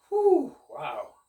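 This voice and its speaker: A man casually rambling to camera as a cannabis vlogger, laid-back and drawn-out, saying "man" a lot, high while he talks. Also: dark tone, roomy sound, recorded from a distance. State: high, getting more stoned.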